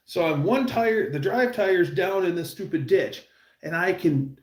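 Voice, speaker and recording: A man's voice: sits high, echoey room. A man hosting a livestream, telling a rambling car story with restarts and laughs. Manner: rambling, self-interrupting anecdotes with laughs. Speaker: livestream host. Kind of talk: casual storytelling.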